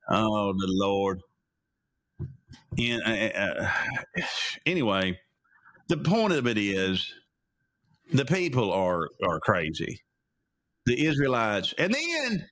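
A man hosting his own show, retelling Bible stories in an animated, casual preaching style. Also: a little high. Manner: animated storyteller, laughing asides. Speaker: host.

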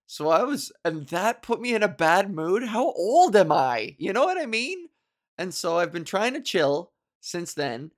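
Lively, rambling woman podcaster. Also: on the low side, measured pace. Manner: rambling, profane, self-mocking, laughs often. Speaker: podcast host. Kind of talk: casual solo podcast monologue.

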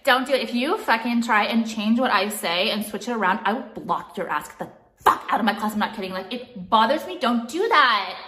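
This ranting vlog monologue comes from a woman who does makeup videos at home, swearing and sounding fed up while saying "like" constantly. She speaks fairly quickly with a fairly high, bright, forceful voice and lively intonation, in an echoey room.

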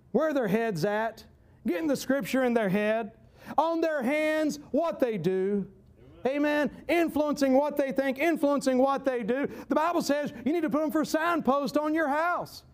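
A man with a Southern US accent preaching a sermon, folksy and emphatic, repeating key phrases and breaking into shouts. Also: extremely high pitch.

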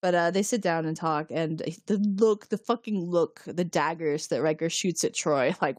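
Woman podcast host, lowish voice, chatty recap style, quotes characters with playful voices, dry close mic. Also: normal speed, hardly any pauses, no echo. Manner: animated retelling, acting out characters' lines. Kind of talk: casual chat.

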